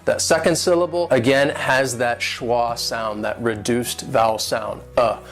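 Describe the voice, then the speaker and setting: A man's voice: medium pitch, steady tone, a little slow, soft background music. Patient man teaching word pronunciation. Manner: clear, patient, spells out syllables and stress. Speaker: English teacher. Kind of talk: vocabulary and pronunciation lesson.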